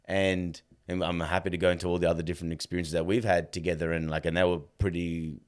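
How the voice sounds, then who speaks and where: Guy in his thirties, very deep voice, chatty guest who re-enacts conversations, lots of "bro". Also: fast. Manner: animated, acts out dialogue, fills with "like" and "bro". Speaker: podcast guest. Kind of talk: casual storytelling.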